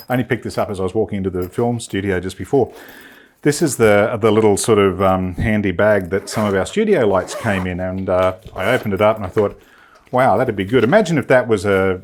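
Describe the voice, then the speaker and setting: A man giving a casual, chatty sewing demonstration in a studio, enthusiastic and thinking aloud with fillers. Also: on the low side. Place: film studio.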